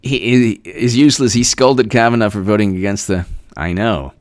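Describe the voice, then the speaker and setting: A man's voice: on the low side, moderate pace, dry recording. A man hosting a political livestream, thanking chat members and mocking his opponents in a sarcastic, theatrical way. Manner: sarcastic, mocking, shifts into loud shouted shout-outs. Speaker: political commentator reading live chat. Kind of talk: livestream commentary.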